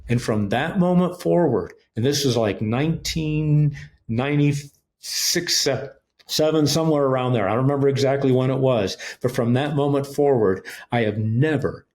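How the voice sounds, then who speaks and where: A middle-aged man sharing his faith testimony as a podcast guest, at an ordinary pitch for a man. He tells it like a storyteller, earnest and direct, and voices the people in his story as he goes. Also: normal speed, darkish tone. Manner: earnest storyteller, retells events with quoted dialogue. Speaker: guest, ministry leader. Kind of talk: personal testimony in a podcast interview.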